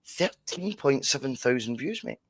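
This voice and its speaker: A man's voice: mid-range voice, lively intonation, normal speed, breathy edge, no room sound. Man, podcast host, casual video-call chat, matey, dry recording. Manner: chatty, matey, promotional.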